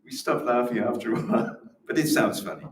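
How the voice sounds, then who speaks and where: With a mid-range voice and a fairly quick pace, a man presents an academic lecture at a symposium, using demonstrations. His explanations are patient, with frequent restarts, and the recording comes from far off with room echo.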